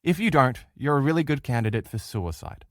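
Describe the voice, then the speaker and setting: Middle-aged aussie guy lecturing, earnest and emphatic, mid pitch, dry close sound. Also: animated, brisk, dry recording. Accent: Australian. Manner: earnest, emphatic, speaks directly to listeners. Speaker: relationship course instructor. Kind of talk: recorded lecture.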